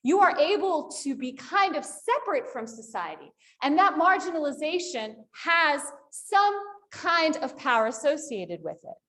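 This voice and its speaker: A woman's voice: high-pitched, moderate pace, few pauses. A woman lecturing at a university panel, asking the audience questions as she goes. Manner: animated, asks the audience questions.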